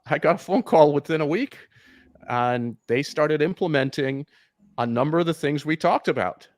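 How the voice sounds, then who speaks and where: A man's voice: on the high side, normal speed, no room sound, studio quality. A man who coaches triathlon swimming, giving frank advice in a casual live interview over a video call, with many restarts.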